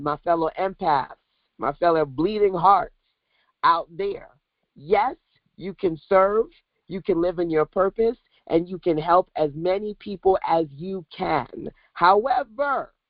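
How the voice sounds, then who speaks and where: A woman business coach on a livestream, talking in an animated, preachy way straight to her viewers. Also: fairly low pitch, no echo, lo-fi sound.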